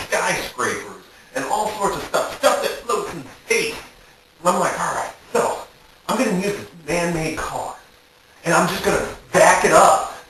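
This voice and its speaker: A young man tells a comic story to his camera, his voice sitting high and swinging widely as he acts out his own panicked reactions. He sounds a little far from the mic in a very echoey room, with a faint hiss behind him. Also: pushed and bright. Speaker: vlogger. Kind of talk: animated storytelling monologue.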